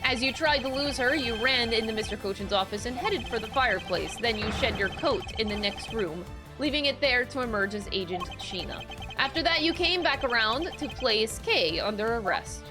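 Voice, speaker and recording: A woman reading the lines of a composed, cutting male prosecutor in a measured, lecturing way, with game music behind. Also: on the high side, lively intonation, close to an everyday voice. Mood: stern.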